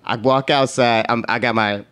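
A man's voice: medium pitch, normal speed, smooth. A man telling a workplace story in casual conversation, laughing often and acting out what others said in slangy, profane talk. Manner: animated, laughs often, acts out quotes.

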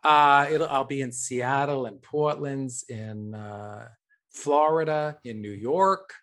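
A man's voice: medium pitch, slow, fairly bright tone. A man guesting on a podcast, chatting in a campy, storytelling way. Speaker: guest performer. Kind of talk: casual podcast chat.

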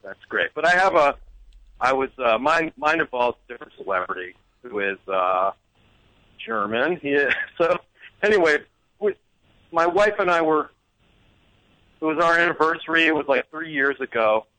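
Lively rambling male caller. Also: fairly high pitch, moderate pace, long pauses, dry recording, poor audio. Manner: rambling, animated, self-deprecating. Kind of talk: casual anecdote telling.

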